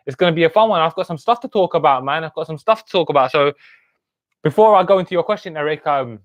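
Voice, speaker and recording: A man's voice: a little high, animated, fast talker, no room sound. Chatty man hosting a live stream. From United Kingdom. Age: 20s. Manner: chatty, greets viewers by name with street slang. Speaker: host.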